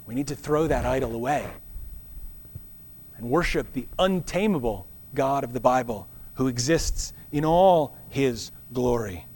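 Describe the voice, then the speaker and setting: A man preaching a sermon to a congregation, earnest and measured, with dramatic pauses that slow down key words. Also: medium pitch, a little mellow. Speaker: pastor.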